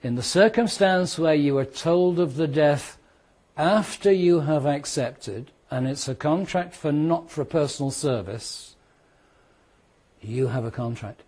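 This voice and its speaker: Husky man lecturing on law. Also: a little high, measured pace. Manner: lively, asks the class rhetorical questions and acts out scenarios.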